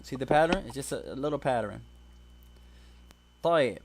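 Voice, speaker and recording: A man's voice: mid-range voice, expressive, moderate pace, long pauses, slight background noise. A man teaching an Arabic grammar class, explaining step by step and mixing English with Arabic examples.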